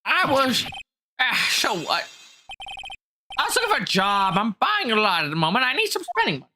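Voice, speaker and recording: A woman's voice: on the high side, wildly swooping pitch, normal speed, pushed and bright, a little hiss or hum, voice pushed up, full character voice. A woman voicing a cranky, boastful old man who blusters indignantly, reading game dialogue aloud. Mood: defensive. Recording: music playing behind.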